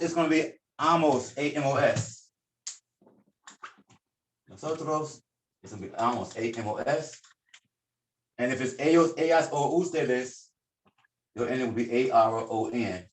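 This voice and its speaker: A man's voice: medium pitch, a little slow, long pauses, reverberant. A man teaching a class at a board, explaining informally and correcting himself as he goes. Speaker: Spanish teacher.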